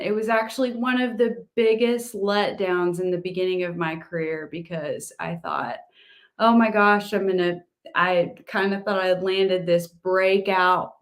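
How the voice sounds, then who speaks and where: A woman actress being interviewed, bubbly and rambling, laughing easily. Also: medium pitch. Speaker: actress, award nominee. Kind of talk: casual interview.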